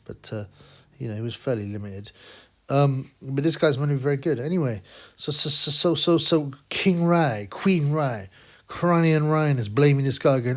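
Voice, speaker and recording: A man's voice: mid-range voice, moderate pace. A man in casual, crude, mocking boxing commentary, rambling with many restarts.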